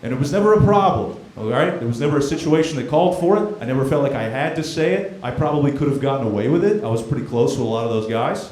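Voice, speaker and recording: A man's voice: medium pitch, lively intonation, fast, few pauses, darkish tone. A man performing a brash stand-up comedy set with confrontational crowd work on a comedy club stage. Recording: echoey club with crowd noise.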